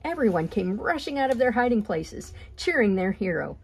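A woman reading a children's picture book aloud at a gentle, expressive pace. Her mid-pitched voice carries a gravelly texture, and soft music plays faintly behind her. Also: moderate pace. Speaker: storyteller.

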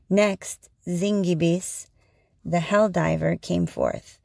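A woman reading a storybook aloud in a slow, measured way. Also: lowish voice, gravelly, darkish tone, no room sound, clean studio sound.

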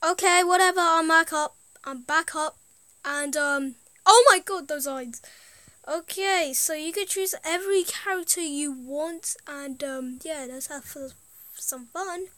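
A woman gives rambling, easily amused commentary on a game, her thoughts often trailing off. Her voice is high and bright, and her delivery is unhurried. The recording is close and dead dry. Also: dry recording. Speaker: gaming video host. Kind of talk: casual gameplay commentary.

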